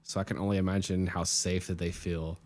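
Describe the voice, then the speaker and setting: Guy on a podcast, curious and wry, kinda low voice. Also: little pitch movement, darkish tone. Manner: quick, curious questions and dry jokes. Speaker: podcast co-host. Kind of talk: casual chat.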